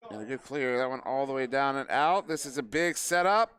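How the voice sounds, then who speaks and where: Speaking briskly with lively intonation, this esports caster has a mid-range, fairly bright voice. At a live event venue he calls the match's plays and fills the gaps with offhand chat and jokes to people nearby.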